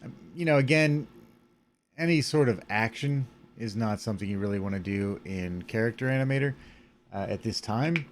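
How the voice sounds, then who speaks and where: A man's voice: on the low side, moderate pace, a little hiss or hum. A tired man casually walking through his animation puppet rig with many fillers, yawning now and then. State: sleepy. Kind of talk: casual screen-recorded tutorial.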